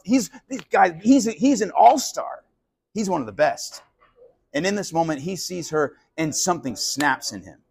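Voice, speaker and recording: Husky-voiced pastor preaching casually. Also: male voice, on the high side. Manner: animated, casual, acts out quoted voices. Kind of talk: conversational sermon. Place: live sermon at a college venue.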